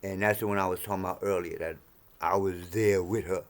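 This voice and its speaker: A man in his sixties ranting to camera in a profane, heated monologue, swinging between low mutters and sudden shouts. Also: steady tone, brisk. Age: 60s. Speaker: vlogger.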